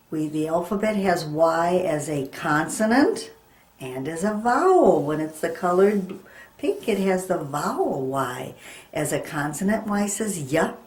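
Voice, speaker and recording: A middle-aged woman leads a children's phonics lesson in a slow, sing-song teacherly voice. Her pitch sits a little low, and she takes her time over every sound. The recording carries noticeable room echo. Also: darkish tone. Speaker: reading teacher.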